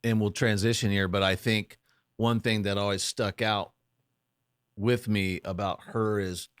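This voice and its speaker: A man co-hosting a podcast in relaxed casual chat, asking prompting questions. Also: lowish voice, a little slow, clear, resonant tone, no room sound, clean studio sound. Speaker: podcast co-host. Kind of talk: casual conversation.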